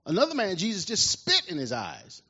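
A man preaching a sermon in an animated way, often asking the congregation questions, with a husky voice. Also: sits high, brisk. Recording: dull lo-fi recording.

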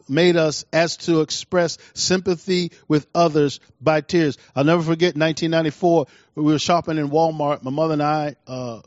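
A middle-aged man preaching a sermon, emphatic, repeating key lines and swinging between soft and loud delivery. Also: fairly high pitch, no echo. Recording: dull dry recording.

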